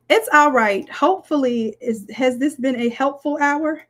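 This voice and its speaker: A woman's voice: high-pitched, normal speed, a bit bright. A woman, walking viewers through a live design tutorial in a chatty way. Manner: chatty, says "y'all", talks viewers through steps. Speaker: design instructor. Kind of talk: live screen-share tutorial.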